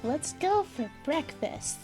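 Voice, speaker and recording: A prim, courteous young woman, voiced by a female streamer reading a story game aloud, speaks in a high, lilting voice that leaps up and down. She is polite and gently chiding. Soft game music plays faintly behind. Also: sing-song, slow pace, full character voice. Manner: prim, courteous, scolding lightly. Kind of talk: voicing game dialogue live.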